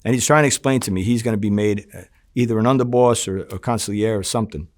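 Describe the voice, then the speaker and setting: A man who is a former undercover agent, telling his story in a sit-down interview, profane and lively as he acts out the dialogue. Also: on the low side, fast talker, no room sound, clean studio sound. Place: home in New Jersey.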